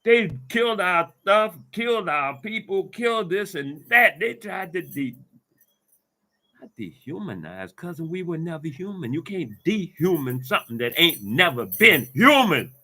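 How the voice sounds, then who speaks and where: A man's voice: sing-song, a little slow. Fiery, profane man venting. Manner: heated, profane, emphatic ranting; repeats phrases and swings between loud bursts and low muttering. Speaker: vlogger. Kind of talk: angry monologue to camera.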